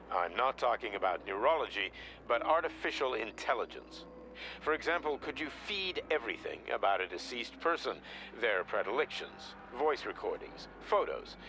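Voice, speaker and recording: A man's voice: medium pitch, pushed and bright, slight background noise. An actor playing a curious, guarded man in video game dialogue, asking a scientist careful theoretical questions. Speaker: game character speaking to a scientist.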